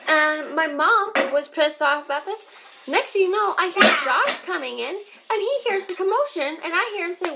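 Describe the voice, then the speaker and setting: A woman's voice: very high-pitched, normal speed. A young woman vlogger telling a personal story, talking straight to her viewers in a chatty way. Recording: clear steady background noise.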